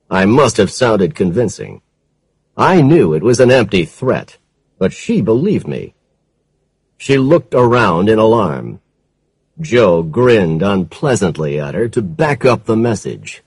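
Slow, husky male audiobook narrator. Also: lowish voice, sing-song, darkish tone, dry recording, low-quality recording. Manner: measured, dramatic storytelling. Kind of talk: first-person detective audiobook narration.

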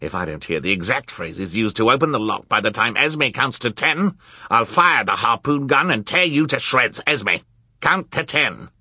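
A man's voice: medium pitch, lively intonation, normal speed, bright, forceful tone, slightly rough, dry recording, studio quality, pitched above the performer's own voice, exaggerated voice. A man voicing a greedy, villainous count who snarls and roars threats in a storybook reading. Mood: menacing. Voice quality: snarling, menacing.

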